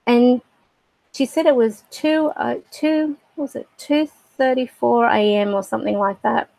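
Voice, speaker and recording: A middle-aged woman telling a personal story on a livestream, halting and reflective with many fillers. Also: a little high, steady tone, creaky, darkish tone, dry recording, rough recording. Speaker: spiritual livestream host.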